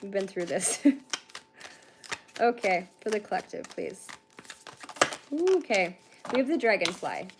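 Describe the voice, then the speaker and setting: A tired young woman from Canada, chatting fast on a livestream with lots of fillers while she gives a card reading. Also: mid-range voice, very animated, background noise. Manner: fast-talking, chatty, laughs often, many fillers. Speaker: tarantula reader on a livestream.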